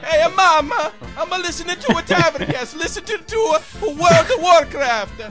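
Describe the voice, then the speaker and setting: Man putting on a loud Italian teenager. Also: very high voice, animated, normal speed, loud music behind the voice. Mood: indignant. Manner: exaggerated comic accent, indignant.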